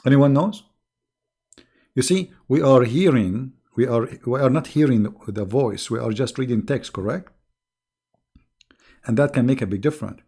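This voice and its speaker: Middle-aged guy, sarcastic mocking host, medium pitch. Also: gravelly, dark tone, slightly rough. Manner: sarcastic, mocking, chuckling asides. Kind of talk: casual mocking commentary.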